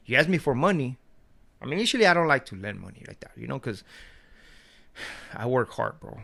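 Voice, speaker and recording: A man with a gravelly, fry-edged voice rants to his channel in a loose, profane way. He tells stories in street slang and laughs often. His pitch sits mid-range for a man. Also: big pitch swings, fairly quick, pauses often, a bit bright. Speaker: vlogger. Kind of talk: casual rant to camera.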